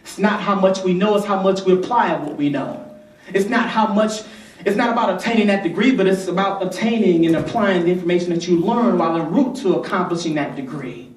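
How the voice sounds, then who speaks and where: A young man giving an energetic motivational speech to a youth conference, calling on the crowd to repeat his words. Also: high-pitched, fairly quick. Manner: energetic, rhythmic, rallies the crowd. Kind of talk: motivational speech with call-and-response. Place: large conference hall. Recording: echoey hall from far off.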